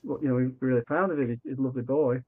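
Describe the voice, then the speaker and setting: A man's voice: medium pitch, racing. A man telling a story as a podcast guest, acting out the voices in his dialogue and often restarting his sentences. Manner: animated, acts out quoted dialogue, frequent restarts. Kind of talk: conversational storytelling. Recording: tinny phone-like remote line.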